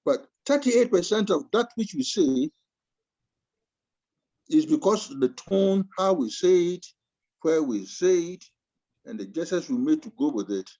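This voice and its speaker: A man giving a master class lecture over a video call, deliberately swinging his voice up and down and slowing down to stress his points. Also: fairly high pitch. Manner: animated, swings voice up and down for emphasis. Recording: muffled video call audio.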